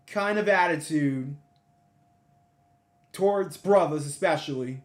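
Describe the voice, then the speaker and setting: A man hosting a casual livestream, talking over a map and reading out numbers, excitable and often repeating himself. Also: a little high, moderate pace. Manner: excitable, exclamatory, repeats phrases. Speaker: livestream host.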